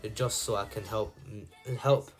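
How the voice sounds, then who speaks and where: Man reading stern teen ninja boy, halting delivery, faint music. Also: fairly low pitch, steady tone, close to an everyday voice. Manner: stumbling over words while reading.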